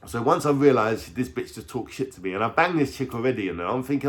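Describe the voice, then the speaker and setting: A man, telling a story to the camera. He talks in animated street slang, swears constantly and keeps asking the listener for agreement. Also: mid-range voice, fast, few pauses. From London. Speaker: vlogger. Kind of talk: storytime vlog.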